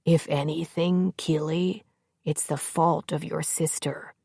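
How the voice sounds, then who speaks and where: A woman narrator voicing a blunt, soft-spoken young warrior man in an audiobook. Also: deep voice, steady tone, takes it slowly, vocal fry, slightly rough, no echo, clean studio sound, full character voice. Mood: dry, gentle.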